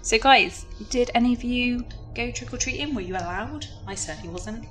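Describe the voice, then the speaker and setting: A woman's voice: on the high side, moderate pace, music in the background. A woman hosting a casual crime podcast, chatty and giggly as she narrates a case. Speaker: podcast host.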